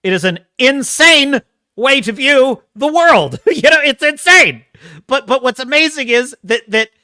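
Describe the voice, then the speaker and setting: A man's voice: extremely high pitch, lively intonation, a little slow, pushed and bright, no room sound, clean studio sound. A man hosting a podcast, reacting to video clips with sarcastic, exasperated ranting and frequent laughter.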